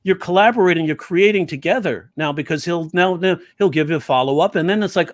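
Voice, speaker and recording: A man who teaches comedy telling stories in an interview, animated and slipping into quoted voices. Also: sits high, a little fast, no room sound. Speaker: comedy teacher and stand-up comic. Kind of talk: storytelling interview talk.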